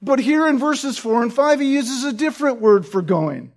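A man's voice: extremely high pitch, lively intonation, normal speed. A man preaching a sermon as pastor, explaining earnestly and often asking listeners "right?" to check in.

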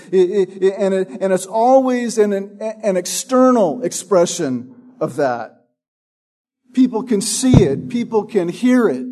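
A man preaching a sermon, teaching from a Bible passage with a slow, emphatic, drawn-out delivery. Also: high-pitched, dark tone.

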